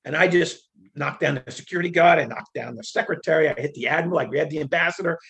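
Retired older man, gravelly fry-laden voice, spins lively anecdotes full of fillers and acted-out quotes. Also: fairly high pitch, fast talker, slight background noise. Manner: animated, acts out quoted dialogue, frequent fillers. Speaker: interview guest, retired federal agent. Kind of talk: conversational storytelling.

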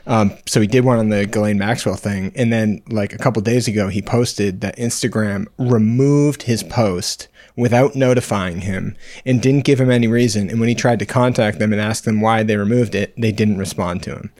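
A man with a lowish voice talking in relaxed podcast chat, easygoing and agreeable. The sound is close and dry, with no room around it. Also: normal speed, few pauses, no echo. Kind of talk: casual chat.

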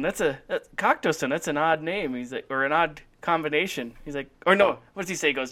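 A man co-hosting a casual chat, animated and quick to laugh while reciting movie lines. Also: on the high side. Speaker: podcast co-host.

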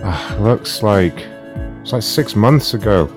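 A man's voice: on the low side, animated, slow, over music. A man playing a flustered customer-service agent in a prank call, stammering and apologizing politely. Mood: flustered, apologetic. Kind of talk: prank call role-play.

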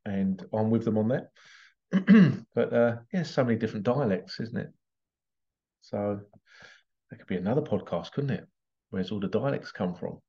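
A man's voice: lowish voice, expressive, normal speed, long pauses, lo-fi sound. An Englishman hosting a podcast in a casual solo monologue, rambling and digressive with frequent chuckles. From England. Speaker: podcast host.

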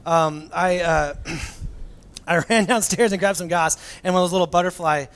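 Pastor, male, 30s, slightly high voice; relaxed self-deprecating sermon delivery. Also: normal speed. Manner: casual, self-mocking storytelling with fillers.

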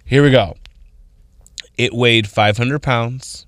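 A man co-hosting a morning radio show, reading out trivia questions and adding quick, casual asides. His voice sits in a middling pitch and has a bright, forward edge. The studio mic keeps the sound close and dry. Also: steady tone, no room sound. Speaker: radio co-host. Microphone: studio microphone.

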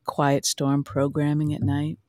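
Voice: medium pitch, monotone, a little slow, a little mellow, no room sound, clean studio sound. A podcast co-host chatting casually and laughing often about a soap opera episode. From New York. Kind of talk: casual chat.

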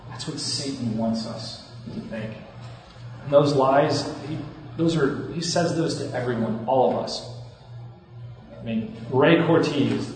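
A man in his thirties, a campus minister, giving an earnest, conversational talk to students with frequent restarts and asides. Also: medium pitch. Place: large hall. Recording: echoey hall from far off.

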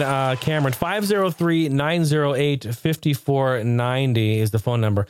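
A man's voice: medium pitch, moderate pace, few pauses, crowd noise, noisy background. A man hosting his own podcast, chatting casually and telling stories with frequent laughs. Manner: animated storyteller, laughs often. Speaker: podcast host.

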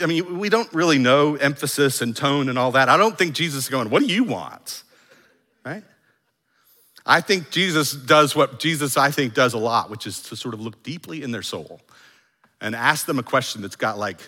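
A male pastor preaching a sermon, animated, acting out the lines he quotes. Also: medium pitch, moderate pace, in a large hall.

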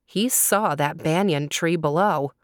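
A woman reads a folk tale aloud for children, slow and deliberate, now and then turning to ask her listeners a question. Her voice sits on the lower side, and the recording is dry and close with no room sound. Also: dry recording. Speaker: storyteller. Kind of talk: children's story reading.

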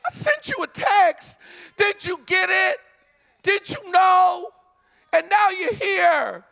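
A male preacher acting out a grieving, exasperated woman who pleads and shouts at someone who came too late. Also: very high voice, animated, takes it slowly, vocal fry, voice pushed up, exaggerated voice. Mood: exasperated grief. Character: grieving frantic woman, upset sister.

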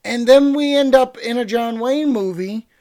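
A young man chatting casually about films and TV, rambling and excitable, with swearing, fillers, loud bursts and mumbled asides. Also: extremely high pitch, normal speed. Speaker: pop-culture reviewer. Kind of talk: casual chat.

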